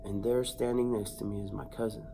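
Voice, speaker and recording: A man's voice: fairly low pitch, fairly quick, gravelly, a little hiss or hum. A man telling a comic personal anecdote, acting out sounds and voices and building suspense. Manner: animated, acts out sounds and voices. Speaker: storyteller.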